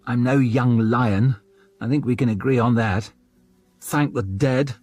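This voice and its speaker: A man's voice: medium pitch, a little slow, darkish tone, no echo, soft background music, lightly acted. A man voicing a blunt, earthy young northern woman with a dry, teasing way of talking. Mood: wry. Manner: dry, teasing, plain-spoken.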